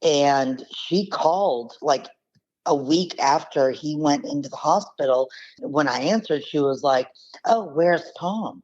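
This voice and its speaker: Appearing as a guest, this woman speaks low, slowly, and a little mellow as she bluntly lays out her uncle's losses to a scam, with acted quotes and firm emphasis. The sound is lo-fi.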